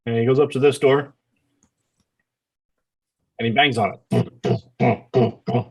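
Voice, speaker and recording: A man narrating as dungeon master in a tabletop game, with halting, filler-heavy delivery. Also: mid-range voice, fairly even intonation, husky.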